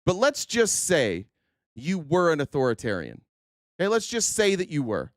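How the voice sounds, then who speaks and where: A man's voice: on the high side, wildly swooping pitch, moderate pace, no room sound, studio quality. A male host giving a heated political commentary rant, firing profane rhetorical questions at his audience.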